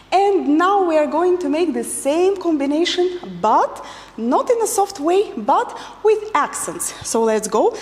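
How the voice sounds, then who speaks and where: High, lively woman teaching dance. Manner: counts beats and gives instructions. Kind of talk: instructional dance class. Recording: long reverb with faint music.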